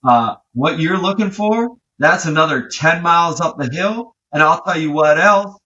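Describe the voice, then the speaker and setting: A man's voice: medium pitch, measured pace, bright, forceful tone, husky, muffled recording. A man voicing a folksy rural delivery driver, giving a friendly, drawling warning.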